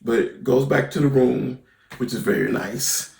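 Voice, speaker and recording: A man's voice: mid-range voice, unhurried, gravelly, darkish tone, roomy sound. A man giving a casual, slangy recap of a TV episode as a reviewer, full of "basically" and "right?". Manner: slangy, conversational, with many fillers like "basically" and "right?".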